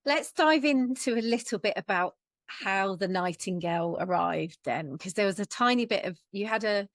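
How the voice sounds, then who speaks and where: A woman hosting a podcast, talking in a casual, halting way as she searches for words. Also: medium pitch, animated, no echo. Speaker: podcast host. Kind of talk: casual interview chat.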